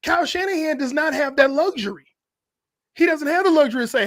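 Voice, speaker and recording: Male podcast co-host, high voice, animated storyteller who acts out quotes. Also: quick pace. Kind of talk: casual sports talk.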